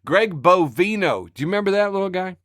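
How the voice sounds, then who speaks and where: A man co-hosting a casual podcast, sarcastic and animated, often breaking into laughter. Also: sits high, brisk, no room sound, clean studio sound. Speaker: podcast co-host reading the news. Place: home studio on a video call.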